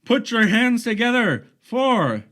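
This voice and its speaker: A man's voice: very high voice, very animated, takes it slowly, pushed and bright, pitched above the performer's own voice, full character voice. A man putting on the voice of a male boxing ring announcer, stretching his words out for a hyped introduction. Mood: hyped booming.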